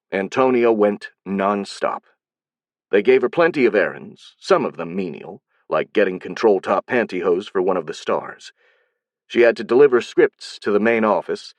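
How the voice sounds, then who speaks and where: Man, audiobook narration, steady even reading, deep-ish voice, dry sound. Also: no room sound.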